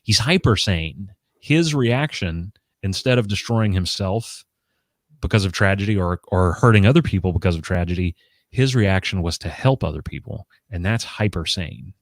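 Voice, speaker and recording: Host, male, 40s: very low voice, casual and rambling, dry recording. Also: moderate pace, no echo. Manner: rambling, with many restarts and filler words. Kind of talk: casual conversation about comics.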